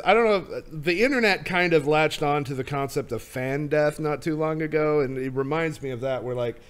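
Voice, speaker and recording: Male podcast host, rambling chat, somewhat high voice. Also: clean tone. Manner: rambling, many restarts. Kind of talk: casual chat.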